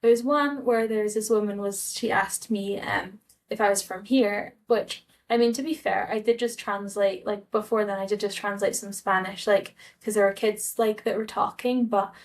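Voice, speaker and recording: A woman with a soft Edinburgh Scottish accent chats casually to camera, her story wandering along with plenty of "like"s and "um"s. Her voice sits at an ordinary middle pitch. The mic is set back a little, so she sounds slightly distant. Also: steady tone, normal speed. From Scotland. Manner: chatty, rambling, many fillers like "like" and "um". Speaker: vlogger.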